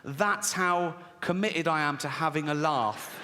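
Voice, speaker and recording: A man's voice: a little high, unhurried, bright, forceful tone. A man performing a profane, mocking stand-up comedy routine on a live stage. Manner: profane, mocking, acts out characters' voices. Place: live theatre stage with audience. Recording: reverberant venue with faint ambience.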